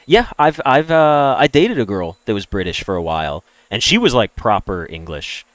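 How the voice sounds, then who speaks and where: A young American man chatting with viewers on a game stream, ranting and opinionated, jumping from loud emphatic bursts to low mutters. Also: sing-song, normal speed, dry recording. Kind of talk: casual chat with stream viewers.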